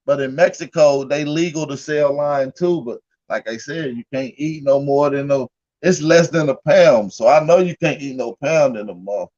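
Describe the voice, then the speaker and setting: A man's voice: medium pitch, normal speed, darkish tone, highs cut off. A man hosting a casual livestream, telling stories in a loose, profane, laughing way. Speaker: livestream host.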